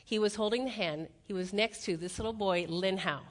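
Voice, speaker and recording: Animated woman giving a motivational keynote. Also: mid-range voice, a little fast. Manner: animated storytelling, acts out quotes, laughs at own jokes. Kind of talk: live keynote speech with stories. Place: stage before a live audience.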